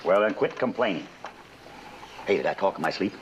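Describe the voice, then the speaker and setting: An actor in a 1950s western playing a gruff trail hand who jokes in a dry way. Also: male voice, sits low, expressive, a little fast. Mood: wry. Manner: dry, joking. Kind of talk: 1950s film acting. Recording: dull, noisy old film soundtrack.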